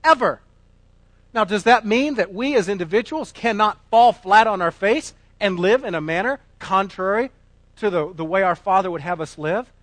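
A man preaching a sermon, emphatic, moving between loud declarations and quiet asides. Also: high voice, moderate pace, no room sound. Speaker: pastor.

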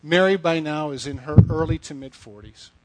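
A man's voice: a little high, moderate pace, heavy background noise. A middle-aged man giving a sermon, telling stories in a conversational way with blunt asides. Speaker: speaker addressing young women. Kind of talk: sermon with storytelling.

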